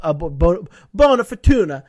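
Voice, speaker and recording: A man with a fairly high voice rambles through a casual recap, swearing freely and breaking into laughs. The sound is close and dry. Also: very animated, a little mellow, no echo. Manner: rambling, profane, quick to laugh. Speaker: podcast co-host.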